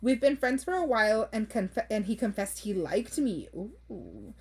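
A woman's voice: on the high side, lively intonation, moderate pace, slightly rough. A young woman hosting a podcast, reading listener stories aloud and reacting bluntly, swearing freely, laughing often and slipping into Spanish phrases. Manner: code-switches into Spanish phrases. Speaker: podcast host.

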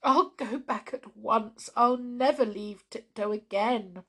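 A woman voicing a timid, greedy little male mouse in a storybook reading, with a squeaky, fretful, stammering manner. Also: slow pace, a bit bright, slightly rough, full character voice. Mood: tearful relief.

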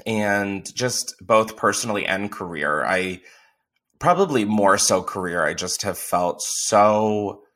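A man's voice: fairly low pitch, takes it slowly, fairly bright tone. A man hosting a podcast in casual, candid chat, swearing freely and filling his talk with "like". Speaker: podcast host.

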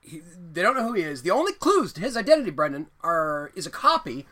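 A man in his thirties co-hosting a film podcast, talking in a loose, rambling way with frequent swearing. His voice is bright and forceful and sits a little high. He keeps the chat casual and jokey. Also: quick pace. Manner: animated, rambling, swears, laughs often. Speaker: podcast co-host reviewing films.

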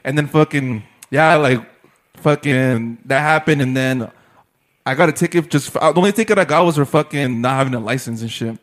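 A man's voice: mid-range voice, fairly quick. A young man telling a rambling story in casual chat with friends, full of swearing, fillers and laughter.

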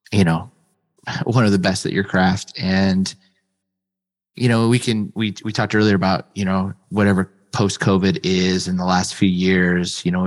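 A male interview host with a lowish voice, effusive and affirming, filling his speech with "you know". His words carry a long reverb, as if spoken in a large hall. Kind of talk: conversational interview.

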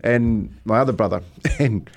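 This podcast guest is a Kiwi man who once played rugby alongside the host, and he talks in a relaxed, thoughtful, stop-start way. His voice sits in the mid range, he leans on "mate" often, and laughter breaks into his anecdotes.

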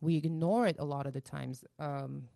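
Woman co-host, low mellow voice, thoughtful talker, dry close mic. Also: moderate pace, vocal fry, no room sound. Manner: thoughtful, explains with many "like" fillers. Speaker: podcast co-host. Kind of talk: casual chat.

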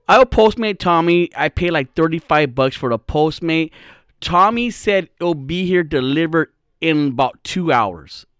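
A man's voice: a little high, dry recording. A young man with a slightly raised voice rambles through a comic anecdote on his podcast, swearing freely and joking as he goes. The sound is close and dry, with no room around it. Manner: profane, rambling, jokey. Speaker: podcast host. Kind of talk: casual comedic storytelling.

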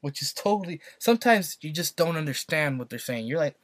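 A man's voice: a little high, sing-song, brisk, no room sound, studio quality. A young man from California, co-hosting a podcast and rambling through a story with lots of fillers and repeats. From Santa Maria, California. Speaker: podcast co-host. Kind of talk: casual chat.

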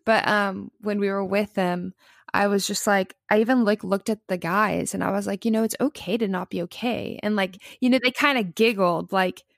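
A woman's voice: medium pitch, normal speed, creaky, no room sound, clean studio sound. A woman co-hosting a podcast, telling stories animatedly in casual chat with frequent laughter. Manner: animated storyteller, laughs between lines. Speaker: podcast co-host.

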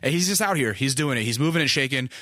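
A young man hosts a podcast and tells a long, loose, profane story that often stops and restarts. His voice is bright and forward, and the close mic gives it a dry sound with no room echo. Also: medium pitch, lively intonation, fast talker. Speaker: podcast host. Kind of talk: casual storytelling monologue.

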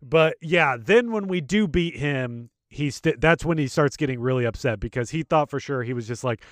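Relaxed man rambling through a game recap. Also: medium pitch, normal speed, dry recording. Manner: relaxed, rambling, recaps scenes with quoted lines. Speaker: podcast co-host. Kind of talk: casual game discussion.

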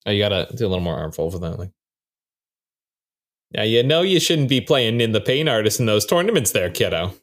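Guy doing a disappointed dad voice, thick drawl, mock-stern scolding, pitch jumping around. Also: sing-song, brisk. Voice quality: thick regional drawl, put on.

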